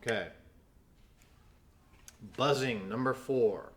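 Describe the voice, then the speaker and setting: A man's voice: medium pitch, takes it slowly, music in the background. A man teaching snare drum in a video lesson, explaining technique patiently and counting aloud as he demonstrates.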